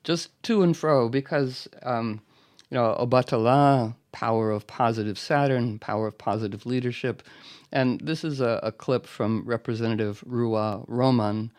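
A man hosting a show and setting up a clip. His voice is smooth and clear, and he talks in a loose, wandering way with hesitant pauses. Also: medium pitch, darkish tone. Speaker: host. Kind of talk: casual introduction of a clip.

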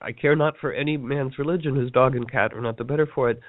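A man teaching a course, telling rambling, animated stories and acting out the quotes he repeats. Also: mid-range voice, fast talker, dry recording. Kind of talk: storytelling talk on a teleseminar. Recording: tinny phone line, dry.

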